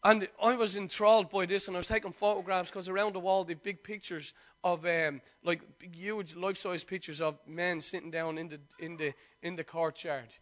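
A man, a pastor preaching a sermon and telling personal stories in a lively, chatty way. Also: sits high, moderate pace, few pauses. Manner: lively storytelling, chatty and conversational.

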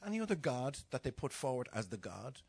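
A middle-aged man preaches in a husky voice. He tells animated stories, acts out the voices of the people in them and drops to a hushed whisper at times. His pitch sits in an ordinary middle range. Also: a little fast. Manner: animated storytelling, acting out voices, dropping to whispers. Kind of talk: sermon.

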